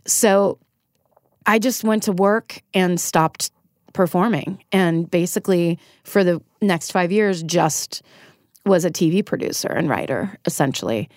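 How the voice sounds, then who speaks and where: A middle-aged woman from Northern California, a comedian and TV writer appearing as a guest, tells a personal story frankly and emotionally, swearing now and then. Her lowish voice moves a little slowly, and the recording is dry and studio quality.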